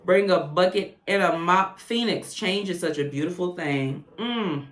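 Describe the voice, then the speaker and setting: Woman, tarot reader, lower voice, casual and profane, echoey room, faint hiss. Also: measured pace. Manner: chatty, profane, animated asides. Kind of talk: casual channeled tarot reading.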